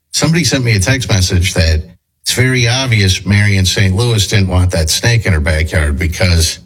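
A man hosting a talk show, chatting casually and thinking aloud with restarts and hedges. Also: deep voice.

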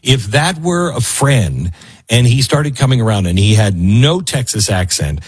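A man's voice: mid-range voice, animated, unhurried, husky. A man hosting a talk radio show, delivering a sarcastic, rambling, opinionated monologue into a studio microphone.

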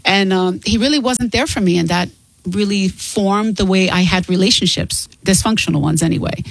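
A woman's voice: mid-range voice, normal speed, vocal fry, dry recording, poor audio. Earnest middle-aged woman, candid guest. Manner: candid, earnest, laughs easily. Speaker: guest author and singer. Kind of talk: casual interview talk.

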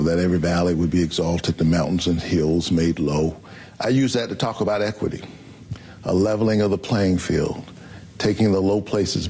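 Deep husky preacher-like man. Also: warm tone. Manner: preacherly cadence, quotes scripture, frequent um and uh. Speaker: senator and pastor, interview guest. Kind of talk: reflective interview answer.

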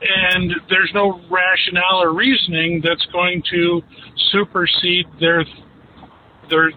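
High-voiced male caller on a phone line. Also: completely flat delivery, slow pace. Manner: hesitant, earnest. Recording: tinny phone line, faint noise.

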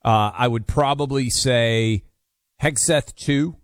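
A man's voice: medium pitch, takes it slowly, dry recording, studio quality. A man hosting a talk radio show, speaking in a conversational, opinionated way with frequent fillers.

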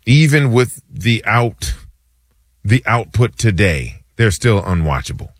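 Slow, low-voiced male radio co-host. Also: big pitch swings, no room sound, studio quality. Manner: laid-back, halting, casual slang. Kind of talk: sports talk radio chat. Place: radio studio.

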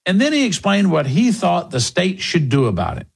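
A man's voice: high-pitched, wildly swooping pitch, moderate pace, gravelly, breathy edge. A man hosting a political commentary show, delivering a sarcastic, mocking opinion monologue.

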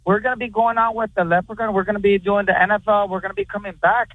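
A man's voice: sits high, level tone, quick pace, no room sound. A man who calls in regularly, eagerly promising his picks. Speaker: regular caller. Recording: phone line.

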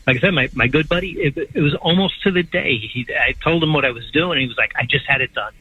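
A man's voice: on the high side, fast, breathy edge, dry recording. A man in his sixties, a patient calling in to a show, who talks in a rambling, enthusiastic way and repeats words as he goes. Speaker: patient guest. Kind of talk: casual phone-in chat. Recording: tinny phone line on radio.

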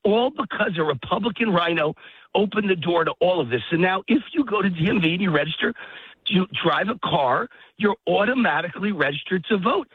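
A man's voice: sits high, expressive, brisk, breathy edge, dry recording. A man talking heatedly over the phone while out of breath from walking his dog outdoors, ranting with emphatic repetition. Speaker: guest commentator. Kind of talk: phone-in political talk. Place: outdoors in a park. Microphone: phone line. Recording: tinny phone line, dry.

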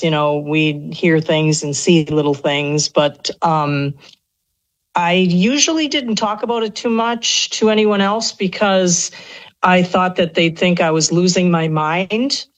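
A woman's voice: on the low side, a little slow, rough recording. A middle-aged woman telling rambling stories on a radio show, with many restarts. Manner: chatty, rambling storyteller with frequent restarts and laughs. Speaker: guest. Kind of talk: casual radio conversation.

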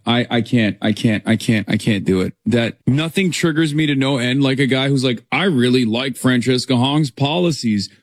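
A man's voice: medium pitch, a little mellow, no room sound. A man ranting crudely and with exasperation in a casual livestream clip, repeating himself.

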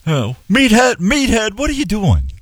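A man voicing a gruff, grumbling middle-aged sitcom dad, in an exasperated, scolding tone. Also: high-pitched, huge pitch swings, a little slow, no room sound, clean studio sound, pitched above the performer's own voice, heavily acted.

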